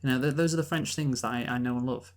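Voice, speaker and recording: Halting, sarcastic man reviewing films. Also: medium pitch, fairly even intonation. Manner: halting, many fillers and restarts, dry sarcastic humor. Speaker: podcast co-host. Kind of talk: casual movie review chat.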